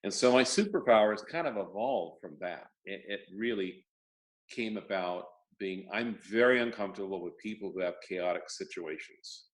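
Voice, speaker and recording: An older man, a guest in a casual interview, telling stories with dry jokes and halting restarts. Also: lowish voice. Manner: wry, joking storyteller, halting restarts. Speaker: guest, property lender.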